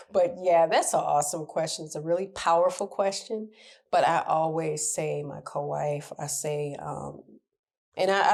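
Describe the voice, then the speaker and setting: A middle-aged woman coach giving advice in a casual talk, her voice pitched a little low. She speaks candidly and with animation, often acting out the people she meets. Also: normal speed. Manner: candid, animated, laughs and acts out quoted people. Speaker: relationship coach.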